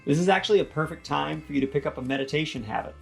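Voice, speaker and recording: A man giving casual toothache advice in a relaxed vlog, mixing jokes with reassurance. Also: a little high, very fast, gravelly, faint music behind. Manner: joking, reassuring, chatty.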